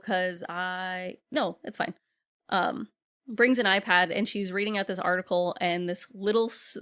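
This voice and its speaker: A woman co-hosting a podcast, casually recapping a horror film and acting out characters' lines in quick quotes. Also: fairly low pitch, fairly bright tone. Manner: retells scenes in quick acted-out quotes, swears casually. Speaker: podcast co-host. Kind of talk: casual movie recap chat.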